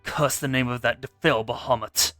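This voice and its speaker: A man voicing a gruff male tavern owner in a video game, with a rough sailor's brogue that keeps slipping. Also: mid-range voice, fairly even intonation, normal speed, bright, forceful tone, no echo, faint music behind, pitched below the performer's own voice, close to an everyday voice. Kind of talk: reading game dialogue aloud.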